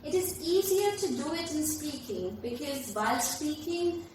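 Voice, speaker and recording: A woman's voice: sits high, animated, a little slow, background noise. A woman, teaching a lesson in an emphatic, explanatory manner. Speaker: English teacher. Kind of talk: classroom lesson. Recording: very echoey room, voice from far off the mic.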